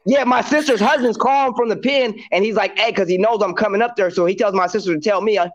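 Animated high-voiced man telling a story. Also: quick pace, muffled recording. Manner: animated storyteller acting out quotes, heavy slang. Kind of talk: casual storytelling chat.

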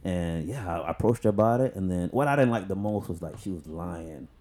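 A man's voice: low-pitched, expressive, a little fast, darkish tone. A man co-hosting a podcast, telling a frank, reflective story in casual chat. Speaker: podcast co-host.

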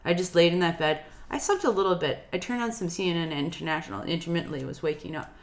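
A young woman co-hosting a podcast, telling a travel story in an animated, chatty way with bursts of laughter. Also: on the low side, quick pace. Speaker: podcast co-host. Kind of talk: casual chat, storytelling.

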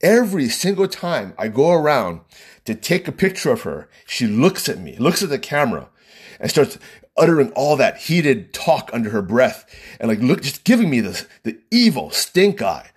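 Man, wedding photographer, husky voice, very lively pitch, rambling storyteller who laughs a lot. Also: normal speed. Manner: rambling, animated, laughs often, many fillers. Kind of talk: casual anecdote telling.

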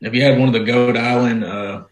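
A man's voice: medium pitch, fairly even intonation, brisk, roomy sound, rough recording. A man talking in a folksy, casual way, swearing as he tells stories. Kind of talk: casual chat.

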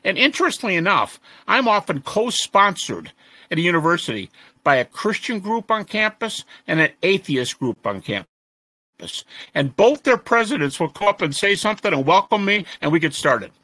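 A man being interviewed as a scholar, telling stories in a lively conversational way and mimicking the people he quotes. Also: high-pitched, moderate pace, dry recording. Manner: animated, mimics the voices of students he quotes. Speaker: interview guest, resurrection scholar. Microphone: audio-only interview recording.

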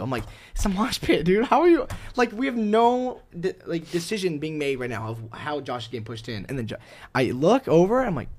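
A man's voice: medium pitch, slight background noise. A young man co-hosting a casual sports podcast, telling stories animatedly and laughing often. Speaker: podcast co-host. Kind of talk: casual chat.

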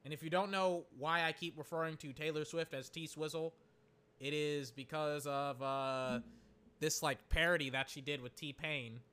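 Excitable rambling man, bright voice. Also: on the high side, normal speed, smooth. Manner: excitable, rambling, swears and exclaims. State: voice cracking. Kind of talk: casual chat.

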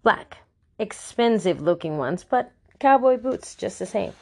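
A woman narrating an audiobook in the first person, with wry, lively storytelling. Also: mid-range voice, measured pace.

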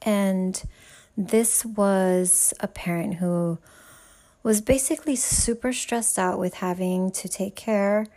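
A woman's voice: medium pitch, slow, dark tone. Woman talking to camera, frank and emphatic, giving parenting tips. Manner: frank, emphatic, talks straight to the listener. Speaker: parenting advisor. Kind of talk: direct advice monologue.

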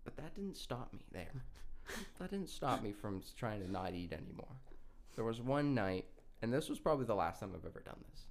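A man's voice: lowish voice, very animated, brisk. Young man telling a rambling story. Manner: laughing, swearing, rambling with restarts. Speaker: podcast co-host. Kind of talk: casual storytelling chat.

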